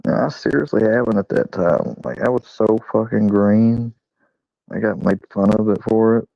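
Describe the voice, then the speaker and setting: A man's voice: lowish voice, moderate pace, gravelly, mellow, dry recording. A man hosting his own channel, telling a rambling, profane, self-deprecating story in casual chat. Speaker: channel host. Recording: dull lo-fi recording.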